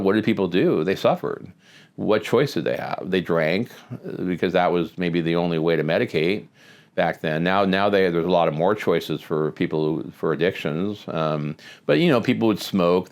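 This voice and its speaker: A middle-aged man, a physician host, telling a patient story in a conversational way with many restarts. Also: low-pitched. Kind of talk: casual talk to camera.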